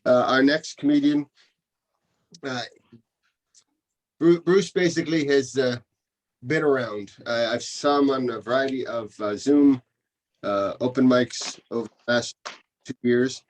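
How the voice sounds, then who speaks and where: A man hosting a comedy show over a video call, introducing acts haltingly with many fillers. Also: medium pitch. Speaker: host.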